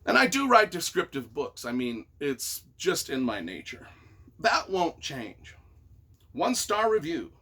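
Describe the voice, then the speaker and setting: Husky, lively-voiced sarcastic man. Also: a little high, unhurried. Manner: mock-earnest, playfully sarcastic, stumbles over words. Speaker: novelist reading reviews of his own books. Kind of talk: casual sarcastic commentary.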